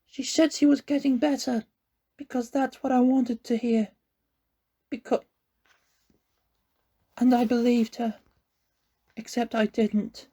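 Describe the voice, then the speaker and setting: A man reading aloud and voicing a grief-stricken young boy, high and strained, crying and pleading. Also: dark tone, lo-fi sound, heavily acted. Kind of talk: audiobook reading.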